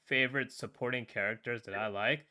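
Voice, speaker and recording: A man in a casual podcast review chat, retelling a story with animated asides and acted-out lines. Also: mid-range voice, fairly quick. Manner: animated retelling, acts out lines in other voices; casual, uses "man" and "right?" often. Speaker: podcast panelist.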